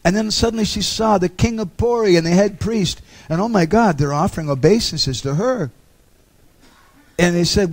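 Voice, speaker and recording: A man's voice: high-pitched, moderate pace. A man giving a storytelling lecture on a pilgrimage, with humorous asides.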